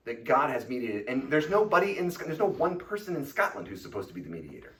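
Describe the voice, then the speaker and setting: Animated man lecturing from a distance. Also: medium pitch. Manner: animated, informal, with casual fillers and quick asides. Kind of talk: church lecture. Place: church hall.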